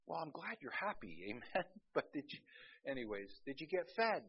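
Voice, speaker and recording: A man's voice: a little high, very animated, fairly quick, husky, highs cut off. A man preaching a sermon as a pastor, telling humorous anecdotes and calling out to the congregation for amens.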